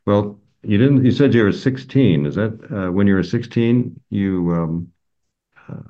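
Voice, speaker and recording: An American man interviewing a guest in a friendly, relaxed way with occasional chuckles. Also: fairly low pitch, measured pace, highs cut off. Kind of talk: casual interview chat.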